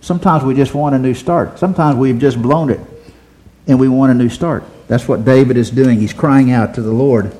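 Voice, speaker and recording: A man's voice: mid-range voice, moderate pace, warm tone. A man preaching a sermon, asking the congregation rhetorical questions and repeating phrases for emphasis.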